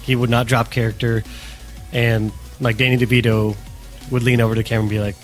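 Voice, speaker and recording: A young man from upstate New York, talking in a casual podcast. He recommends movies in an earnest, enthusiastic way, with a voice of middling pitch. Faint music sits underneath. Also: level tone, quick pace. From New York State, outside the city. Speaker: podcast host. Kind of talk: casual chat.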